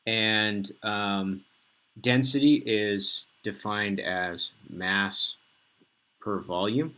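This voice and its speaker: Brief: slow, low-voiced male teacher. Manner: casual, filler-heavy, relaxed explaining. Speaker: physics teacher. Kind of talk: recorded lesson.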